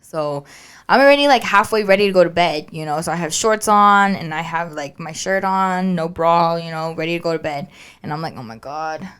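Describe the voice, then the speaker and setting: A woman's voice: lowish voice, fairly quick, clean tone. A woman co-hosting a podcast, telling a story in casual chat and acting out the voices of the people in it. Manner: animated storytelling, acts out quoted dialogue. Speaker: podcast co-host.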